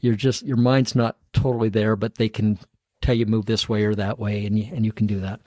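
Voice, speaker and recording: A man's voice: lowish voice, level tone, brisk, a little mellow, no room sound. A middle-aged man, a podcast guest, tells his own story in casual talk, acting out the voices of the people in it and chuckling at himself.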